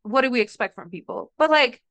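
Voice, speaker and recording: A young adult woman co-hosting a podcast, telling a story in casual chat, animated and profane, acting out what others said. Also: fairly high pitch, brisk, dry recording. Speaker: podcast co-host.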